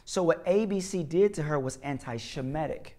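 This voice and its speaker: A man's voice: on the high side, normal speed, warm tone. A man, a comedian and actor, talking as an interview guest in an emphatic, repetitive, preaching way, often asking "you know what I'm saying". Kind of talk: casual interview talk, preaching tone.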